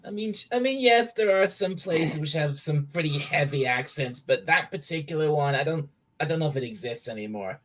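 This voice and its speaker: A man's voice: a little high, expressive, moderate pace, fairly bright tone, rough recording. A man chatting casually on a podcast, often repeating words and restarting. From Britain. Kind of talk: casual chat.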